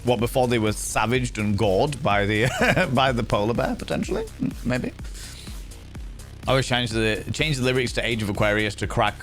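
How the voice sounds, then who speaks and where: A man's voice: medium pitch, sing-song, moderate pace, a bit bright, soft background music. A man streaming live and chatting casually, playfully teasing and greeting his viewers by name.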